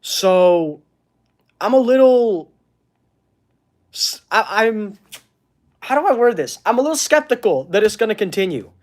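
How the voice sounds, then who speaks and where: High-voiced man streaming casually. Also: big pitch swings. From Canada. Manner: halting, searching for words, earnest. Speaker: wrestling channel host. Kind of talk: casual livestream chat reading comments.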